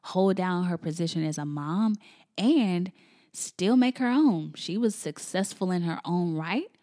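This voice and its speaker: A woman in her thirties who hosts a podcast and works as a business coach shares a personal story, chatty and emotional, frequently addressing listeners as y'all. Her voice is low-ish and warm, with a measured pace.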